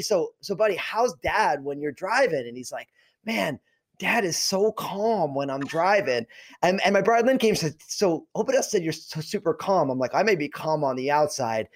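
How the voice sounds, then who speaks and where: A man from New Jersey, a pastor being interviewed, telling stories in an animated, casual way. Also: high-pitched. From New Jersey, USA. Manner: animated storyteller, frequent restarts. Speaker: pastor, guest.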